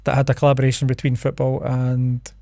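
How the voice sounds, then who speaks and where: A man's voice: medium pitch, monotone, a little fast, vocal fry, warm tone, dry recording, clean studio sound. A Scottish man co-hosting a podcast, sharing researched facts in a laid-back way. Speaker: podcast co-host. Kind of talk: casual chat.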